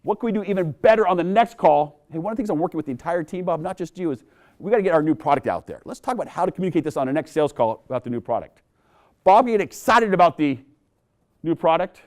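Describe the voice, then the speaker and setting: Energetic middle-aged man giving a sales talk. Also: fast talker. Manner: energetic, acts out dialogue with big pitch swings. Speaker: sales coach and speaker. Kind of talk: keynote talk to an audience. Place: conference room with an audience.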